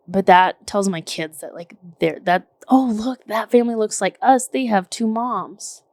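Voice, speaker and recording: This podcast co-host, a woman in her 30s, keeps things casual with lively, filler-heavy anecdotes full of "like" and "literally," cursing here and there. Her voice is fairly low and creaky, recorded without echo.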